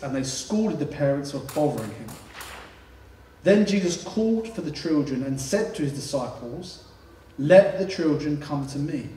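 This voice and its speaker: A man preaching a sermon, telling the story in an animated way with casual asides. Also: on the high side. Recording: echoey room, distant mic.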